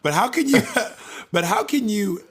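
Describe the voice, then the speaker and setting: A man with a somewhat high voice co-hosts a casual podcast chat. He tells stories with playful, animated energy and swears freely. He banters back and forth with his co-host. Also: a little slow, husky.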